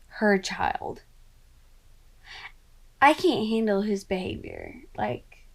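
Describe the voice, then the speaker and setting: A woman's voice: medium pitch, low-quality recording. A woman vlogger reacting to a book in casual chat, gushing and exclaiming often, sometimes dropping into a whisper.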